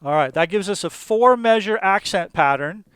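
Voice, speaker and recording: A man teaching a drum lesson, explaining patterns step by step in a calm, methodical way with small fillers. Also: sits high, normal speed, a little hiss or hum. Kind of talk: instructional explanation.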